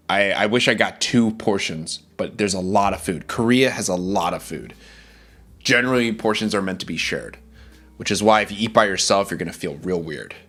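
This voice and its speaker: A man with a somewhat low voice chats on a livestream. He talks casually and with real enthusiasm, greeting viewers and raving about food. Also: fairly bright tone. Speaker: VTuber streamer.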